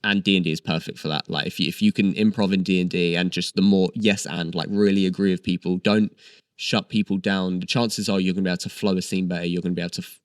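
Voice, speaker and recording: Low-pitched and fast-talking, this man has a clear, resonant voice and a steady tone as he chats enthusiastically, full of fillers, as an actor guest in a casual interview. The sound is dry and studio-clean.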